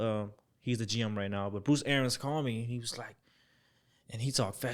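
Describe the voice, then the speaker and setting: A young man telling a story as a podcast guest, acting out the voices he quotes, dropping to near-whispers and then jumping up loud. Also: medium pitch, fairly quick. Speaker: podcast guest, former football player. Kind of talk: storytelling in a casual interview.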